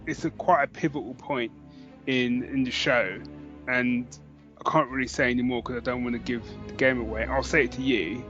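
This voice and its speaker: A British man co-hosts a podcast, rambling and correcting himself as he goes. The recording sounds a little dull and lo-fi. Music plays clearly beneath his voice. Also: mid-range voice, steady tone, normal speed, fairly bright tone. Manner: enthusiastic, rambling, self-correcting. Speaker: podcast co-host. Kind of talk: casual chat.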